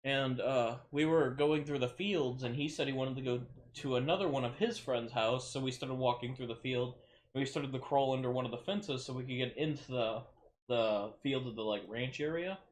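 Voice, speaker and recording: A man's voice: medium pitch, moderate pace, slight background noise. Rambling, swearing man telling stories. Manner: rambling storyteller, swears, acts out quotes loudly. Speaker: podcast co-host. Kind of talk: casual chat.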